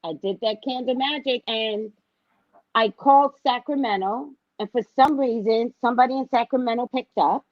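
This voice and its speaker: Woman, lively storyteller, slightly high voice, plays out the voices in her story, dull dry lo-fi sound. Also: moderate pace, no echo. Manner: animated, acts out quoted voices, repeats phrases for emphasis. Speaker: special education teacher. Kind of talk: casual storytelling.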